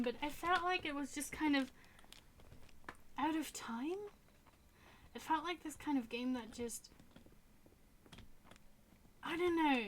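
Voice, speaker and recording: A woman's voice: a little high, slight background noise. A young woman in her twenties streaming a game, chatting casually in a rambling, self-correcting way and laughing often. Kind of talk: casual gaming stream chat. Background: game music and keyboard typing.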